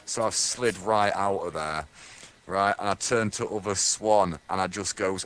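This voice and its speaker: A man's voice: fairly low pitch, fairly even intonation, moderate pace, fairly bright tone, slight background noise. A young man from Lincolnshire, telling a rambling, crude comic tall tale full of swearing. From Lincolnshire, England.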